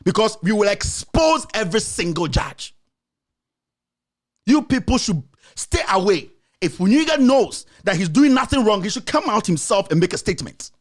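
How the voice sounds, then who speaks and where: A man's voice: sits high, sing-song, normal speed. A man with a Ghanaian accent hosting a show, delivering impassioned political commentary full of rhetorical questions and confrontation. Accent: Ghanaian English. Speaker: host.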